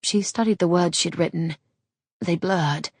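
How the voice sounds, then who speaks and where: A woman narrates an audiobook in a measured, even storytelling manner. Her voice is low and husky, and the recording is close and dry with no room around it. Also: no echo. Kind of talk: scripted narration of a romance novel.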